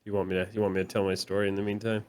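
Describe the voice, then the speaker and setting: A man with a lowish voice chats on a casual podcast recorded over a video call. He tells stories in a lively way, acts out the people in them and swears freely. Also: racing. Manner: animated storyteller, acts out voices in quotes. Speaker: podcast co-host. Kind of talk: casual podcast chat, storytelling.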